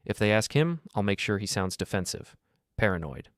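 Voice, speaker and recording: A man's voice: fairly low pitch, big pitch swings, normal speed, a bit bright, no echo, clean studio sound. A man voicing a scheming, callous young woman of twenty-three in a storybook reading, offhand and mocking. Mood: scornful.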